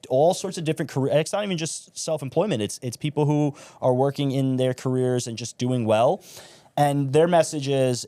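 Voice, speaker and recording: A man's voice: medium pitch, warm tone, smooth, no echo. A young man, a podcast guest telling stories in casual talk, with plenty of swearing and filler words. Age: young adult. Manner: swears freely, storytelling, says like and bro.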